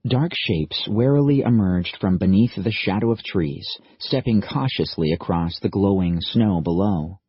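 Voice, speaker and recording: Male audiobook narrator, low and husky, steady measured read, dry dull recording. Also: no echo. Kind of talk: scripted narration.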